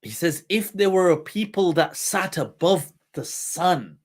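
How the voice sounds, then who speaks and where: A male host telling a humorous historical anecdote in a relaxed, chatty way, often laughing as he goes. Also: sits high, husky. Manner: laughing while retelling a humorous anecdote, quoting poetry; slow, unhurried delivery. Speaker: host and religious teacher. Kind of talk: casual storytelling talk.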